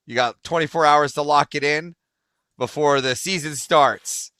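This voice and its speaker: A man co-hosting a live stream, briskly announcing details in casual chat. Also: fairly high pitch, sharp tone, dry recording.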